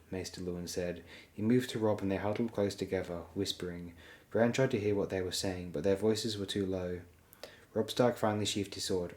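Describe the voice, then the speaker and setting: A man reading an audiobook aloud in a steady, measured way, voicing all the figures himself. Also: low-pitched. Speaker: audiobook narrator.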